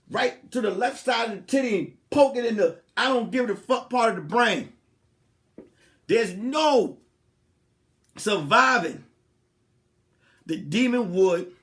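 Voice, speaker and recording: A male comedian hosting a podcast, telling a profane, repetitive comic rant. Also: high-pitched. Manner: animated, repetitive, profane storytelling.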